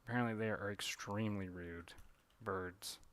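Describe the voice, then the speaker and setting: A man's voice: lowish voice, moderate pace, fairly bright tone, no echo. A man, a comic artist chatting casually on a drawing livestream, rambling with lots of fillers and self-corrections. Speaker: comic artist streaming his drawing work.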